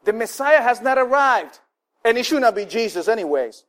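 A man's voice: extremely high pitch, normal speed. A man preaching a sermon in a conversational way, full of fillers and restarts, acting out the people he quotes. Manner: animated, acts out the people he quotes. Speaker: pastor.

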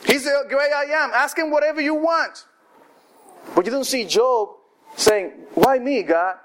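A man preaching a sermon, telling the story lively and acting out what the people in it say. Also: very high voice, a little slow. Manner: animated storytelling, acting out quoted voices.

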